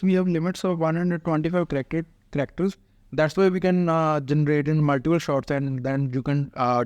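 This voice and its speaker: A man's voice: on the high side, no echo. Chatty male tech tutorial host. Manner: chatty, many "uh" fillers, explains step by step. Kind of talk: casual screen-recorded software walkthrough.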